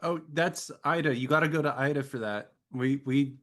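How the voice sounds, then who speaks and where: A man playing a tabletop game, joking in a deadpan way. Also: medium pitch, normal speed. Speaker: player. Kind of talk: casual play talk.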